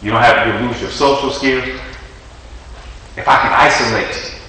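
A man's voice: mid-range voice, fairly even intonation, normal speed, bright, forceful tone. A man preaching conversationally, telling a story and acting out the quotes. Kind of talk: storytelling sermon. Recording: echoey hall from far off, faint noise.

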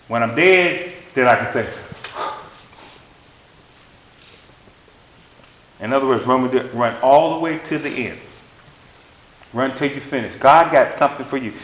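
A man's voice: mid-range voice, fairly bright tone. A man preaching a sermon with an emphatic, repetitive cadence, hammering home short phrases. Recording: roomy echo.

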